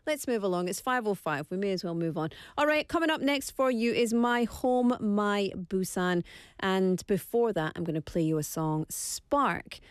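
A woman's voice: mid-range voice, expressive, normal speed, clear, resonant tone, dry recording. A Scottish woman hosting a radio show in a studio, chatting playfully and teasing herself as she goes. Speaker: radio host. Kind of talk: casual radio chat.

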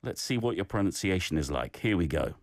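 A man's voice: low voice, expressive, a little fast. A man hosting a radio language segment, encouraging and playful as he gives feedback to listeners. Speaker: radio host.

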